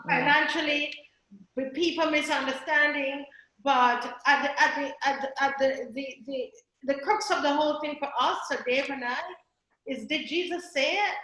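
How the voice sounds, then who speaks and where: A woman speaks as an interview guest, her voice high and tense-bright. She tells stories animatedly, breaking into laughter. The sound rings a little in a roomy space. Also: fairly even intonation, moderate pace. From Jamaica. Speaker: filmmaker guest. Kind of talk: casual interview storytelling.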